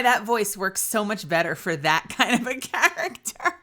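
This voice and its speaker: A woman's voice: mid-range voice, very animated, moderate pace, bright, forceful tone. A woman voice actor chatting casually on a live stream, rambling with lots of fillers. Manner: rambling, many fillers, laughs often.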